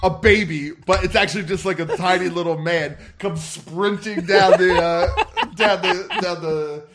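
A man's voice: high voice, fairly even intonation, a little slow, very noisy. A man running a tabletop wrestling game as game master, giggly and rambling.

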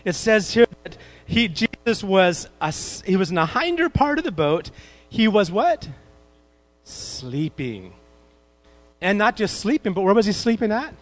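A man preaching a sermon in an animated way, asking his congregation questions as he retells a story. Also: high-pitched, unhurried, dry recording, rough recording. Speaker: pastor.

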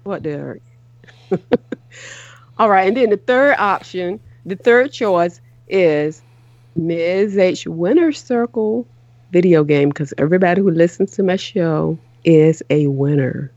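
Earnest middle-aged woman, halting restarts. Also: on the low side, expressive, a little mellow, dry recording, highs cut off. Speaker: show host. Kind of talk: casual chat on a call-in show.

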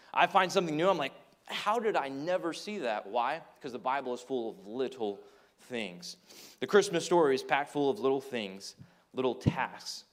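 A man delivering a sermon with earnest conviction. He tells stories along the way and slips into the voices of people raising doubts. His voice sits in a middle register. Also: mid-range voice. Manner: earnest preaching with acted quotes and storytelling. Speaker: pastor.

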